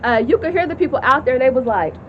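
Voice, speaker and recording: A woman in her thirties chats to her viewers in a casual, storytelling way. Her higher voice rises and falls a lot as she acts out other people's voices and laughs. The sound is a bit dull and lo-fi, with faint car noise behind her. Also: quick pace. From California. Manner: animated, chatty, acts out crowd voices, laughs often. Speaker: vlogger telling a personal story. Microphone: phone camera.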